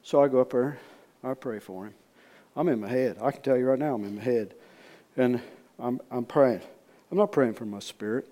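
A man preaching in a storytelling way, folksy and repetitive, swinging from loud re-enactment to hushed asides. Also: medium pitch, moderate pace. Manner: repeats words, folksy speech. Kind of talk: storytelling sermon.

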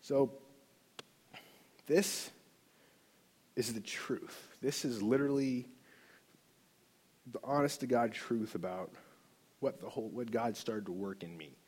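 A middle-aged man tells his faith story to a workshop group, his voice husky and slightly breathy. He speaks earnestly and with feeling, often restarting his sentences as he goes. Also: medium pitch, takes it slowly, pauses often, darkish tone. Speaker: workshop leader. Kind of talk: personal testimony.

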